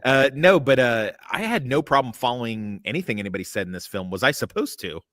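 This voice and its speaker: A man's voice: mid-range voice, animated, a little fast, fairly bright tone, no echo, studio quality. A man hosting a casual podcast chat, rambling and cursing freely while he gives blunt opinions. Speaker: podcast host. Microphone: remote call mic.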